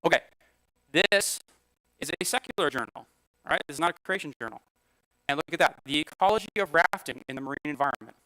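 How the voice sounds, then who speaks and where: A man's voice: a little high, animated, fast talker, long pauses, pushed and bright, no echo, poor audio. A man teaching a church Sunday school class from slides, talking conversationally and checking in with "all right?" and "okay?" as he goes.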